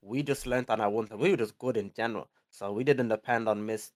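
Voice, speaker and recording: A man's voice: fairly low pitch, fast talker, darkish tone. A young man in a laid-back casual chat, repeating his points for emphasis. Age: young adult.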